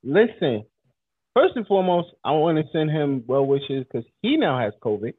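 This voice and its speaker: A man's voice: fairly high pitch, very animated, normal speed, breathy edge, no room sound. A man hosting a casual chat show. He talks in a laid-back, slangy way and keeps saying "listen.". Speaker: host. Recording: tinny phone-like line with faint noise.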